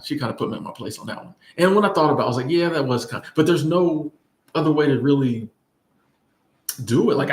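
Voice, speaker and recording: Rambling casual man in an echoey room. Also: medium pitch. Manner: rambling, conversational, lots of fillers and restarts. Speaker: vlogger. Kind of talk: casual storytime chat. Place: in Bangkok.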